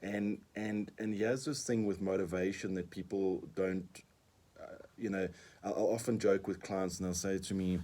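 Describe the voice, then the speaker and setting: Deep-voiced South African man coaching on radio. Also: fairly even intonation, moderate pace, warm tone. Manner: earnest, repeats words, uses examples. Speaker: guest coach. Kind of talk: radio interview.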